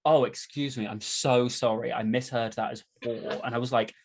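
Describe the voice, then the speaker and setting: A man's voice: medium pitch, steady tone, moderate pace, hardly any pauses. A man appearing as a guest on a podcast, chatting casually with a dry, apologetic humor. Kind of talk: casual chat.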